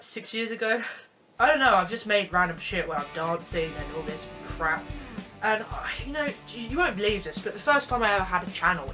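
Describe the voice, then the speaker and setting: A woman's voice: on the low side, bright, forceful tone. A young woman vlogging in a sarcastic, rambling way, swinging between mock anger and gloom. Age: young adult. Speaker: YouTuber. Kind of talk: comedic vlog rant.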